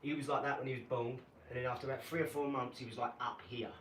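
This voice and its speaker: A man, rambling casually about his dogs and acting out scenes with lively energy. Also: mid-range voice, fast talker, far from the mic. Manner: chatty, animated when acting out scenes. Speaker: vlogger. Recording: echoey room, voice off-mic, noisy.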